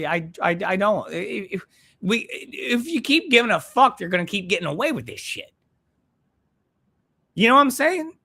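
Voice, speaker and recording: A man's voice: high voice, sharp tone. A man hosting a live stream, ranting bluntly and profanely while reading viewer comments in a rambling way.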